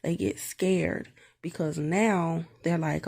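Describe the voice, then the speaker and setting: Woman, earnest devotional reader, gravelly fry in her voice, reflective, speaks straight to the viewer. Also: fairly low pitch, a little slow, darkish tone. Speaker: mother sharing devotional reflections. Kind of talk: Bible reading and personal testimony.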